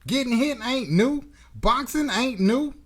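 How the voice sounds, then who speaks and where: A man's voice: extremely high pitch, lively intonation, measured pace, fairly bright tone. A man hosting a boxing commentary channel, delivering a blunt, profane, emphatic opinion rant.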